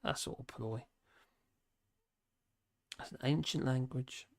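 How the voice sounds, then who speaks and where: A man's voice: medium pitch, slow. Wry chatty man on a livestream. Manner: chatty, wry, laughs often while reading aloud. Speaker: livestream host reading news and chat. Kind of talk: casual live-stream chat.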